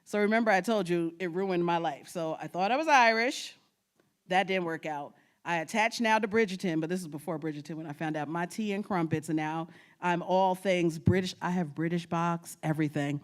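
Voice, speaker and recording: A woman from New York giving a storytelling presentation as a guest speaker, animated and often laughing as she acts out her family's words. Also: on the low side, a little fast. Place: lecture at a state archives building.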